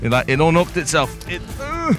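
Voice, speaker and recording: Weary overheated English angler. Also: male voice, on the high side, wildly swooping pitch, brisk, a bit bright, soft background music. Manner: complaining, weary, wry. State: overheated, out of breath. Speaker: angler and co-host. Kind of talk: banter while fishing outdoors. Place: outdoors at a fishing lake.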